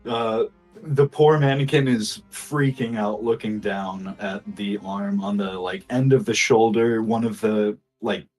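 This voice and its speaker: A man's voice: fairly low pitch, darkish tone. A man narrating a tabletop role-playing game as game master, hesitant and full of fillers.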